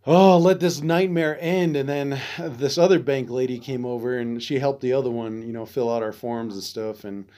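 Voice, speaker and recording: A man from Arizona hosts a veterans podcast and talks through his day in a loose, casual way. He swears freely and drops in frustrated asides. His voice sits at an ordinary middle pitch for a man. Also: normal speed, few pauses, warm tone. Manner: loose and profane, retells events with frustrated asides. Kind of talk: casual storytelling.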